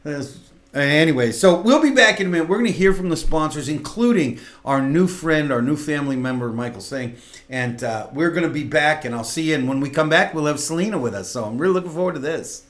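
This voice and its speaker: A middle-aged man hosts a local talk show, speaking in a slightly high voice that rises and falls a great deal. He talks earnestly and casually, stumbling through restarts and fillers as he makes his point. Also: lively intonation, brisk, fairly bright tone.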